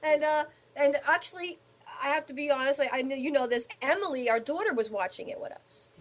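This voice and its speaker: A woman host chats with lively, rambling enthusiasm. Her voice is high and she talks fast. She often breaks off and restarts her sentences. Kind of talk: casual chat.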